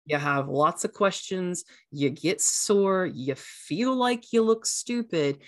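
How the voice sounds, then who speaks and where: A woman's voice: on the low side, expressive, slow pace. A woman hosting a casual podcast, talking earnestly as a coach and acting out voices now and then. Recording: echoey room sound.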